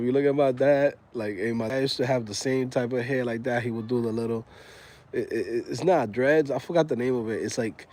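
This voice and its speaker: A man's voice: mid-range voice, dark tone. A man in his thirties hosting a casual livestream, talking in laid-back slang and laughing often. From Dominican heritage. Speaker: livestream host.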